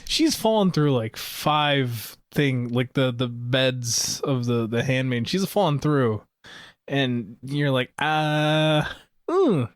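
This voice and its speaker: A man's voice: mid-range voice, slow pace, no room sound. A man co-hosting a podcast, making wry, dry remarks about a movie in casual chat. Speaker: podcast co-host.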